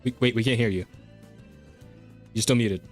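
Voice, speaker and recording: A man's voice: medium pitch, normal speed, soft background music. A man co-hosting a casual podcast, swearing freely, laughing a lot and restarting his sentences. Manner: loose and profane, laughs often, stammers on restarts. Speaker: podcast co-host.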